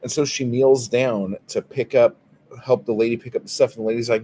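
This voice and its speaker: A man's voice: mid-range voice, steady tone, fairly quick, dark tone, slight background noise. A man hosting a casual livestream, telling a story in a profane, exasperated way. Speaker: livestream host. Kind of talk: casual livestream chat, reading viewer comments.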